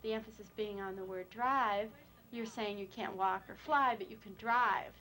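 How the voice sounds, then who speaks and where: Woman explaining in a measured way. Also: mid-range voice, a bit bright, poor audio. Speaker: clinician explaining cochlear implants. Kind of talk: documentary explanation.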